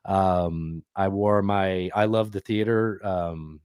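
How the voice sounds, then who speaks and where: A man's voice: deep voice, steady tone, takes it slowly, darkish tone, clear, resonant tone, dry recording, clean studio sound. Profane rambling male podcast host. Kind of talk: casual chat.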